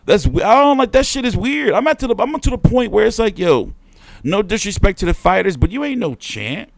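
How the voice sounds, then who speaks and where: A man's voice: very animated, a little fast, vocal fry, dry recording. Heated, profane male boxing ranter. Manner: profane, heated ranting with swings in pitch and volume. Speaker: boxing show host. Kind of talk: livestream rant.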